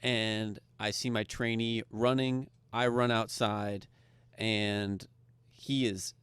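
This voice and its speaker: Casting: man, podcast co-host, swears freely, lively storyteller, dry close sound. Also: on the low side, takes it slowly, clear, resonant tone, dry recording. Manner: profane, animated storytelling. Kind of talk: casual storytelling chat.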